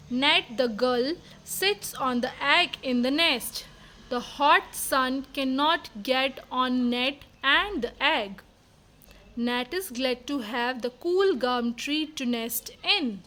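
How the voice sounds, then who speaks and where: A woman's voice: high voice, slow, sharp tone. A woman teaching reading, sounding out words letter by letter and reading simple storybooks aloud in a phonics lesson.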